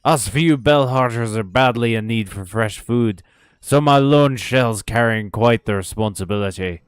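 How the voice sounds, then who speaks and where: A man's voice: medium pitch, a little slow, clean tone, dry recording, studio quality, lightly acted. A man voicing a hardy, boastful male bug fisherman in a put-on rustic accent that wanders as he reads game dialogue.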